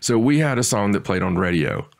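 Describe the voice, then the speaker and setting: A man co-hosting a podcast, telling long rambling stories in casual chat with lively asides. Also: on the low side, brisk, creaky. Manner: rambling storyteller, animated asides. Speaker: podcast co-host.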